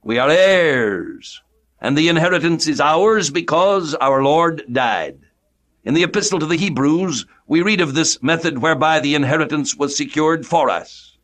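A middle-aged man from the United States preaching a radio sermon with a formal, measured cadence. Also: fairly high pitch, a bit bright.

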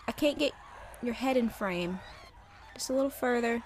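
A woman's voice: fairly high pitch, moderate pace, slight background noise. A young woman giving casual, sarcastic let's play commentary, talking to the game's creatures as she plays. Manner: animated, sarcastic, talks to game creatures.

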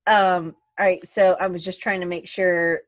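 A woman's voice: lowish voice, level tone, normal speed, no room sound. A woman hosting a podcast interview, chatting casually and reading out listener questions. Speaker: podcast host.

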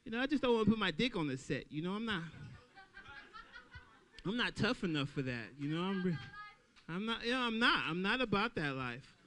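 A man doing a stand-up comedy set at an open mic, talking loudly and playing out little voices for the crowd. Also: sits high, a little fast, pauses often, a little hiss or hum. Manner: loud, animated crowd work with acted-out voices.

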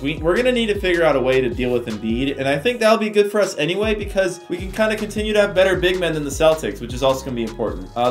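A young man giving casual, chatty commentary while playing a sports game, talking to his viewers like friends. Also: on the high side. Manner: animated, chatty, talks to viewers as "boys" and "bro". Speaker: gaming YouTuber.

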